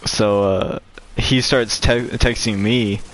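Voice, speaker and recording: A man's voice: fairly low pitch, fairly even intonation, slow pace, slight background noise. Profane man telling a rambling story. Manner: profane, rambling, acts out quotes in a raised voice. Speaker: gaming channel host. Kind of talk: casual storytelling while gaming.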